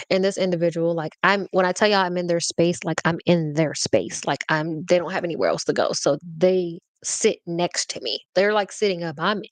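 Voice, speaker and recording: A woman's voice: fairly low pitch, no echo. A woman hosting a podcast, telling a personal story in a casual, slangy way and often checking in with her listeners. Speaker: podcast host.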